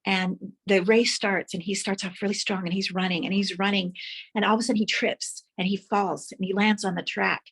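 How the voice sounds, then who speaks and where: A woman's voice: medium pitch, little pitch movement, fairly quick, breathy edge. A woman giving a motivational speech, telling vivid stories and guiding listeners to imagine their dreams. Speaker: motivational speaker.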